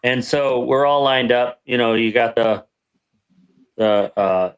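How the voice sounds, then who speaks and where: A man recounts an army training story in a loose, rambling way on a podcast. He often stops to correct himself and acts out the voices of the people in the story. His pitch sits in an ordinary middle range. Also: slow pace, smooth. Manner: rambling, self-correcting anecdote with acted-out quotes. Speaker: podcast guest veteran. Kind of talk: casual storytelling.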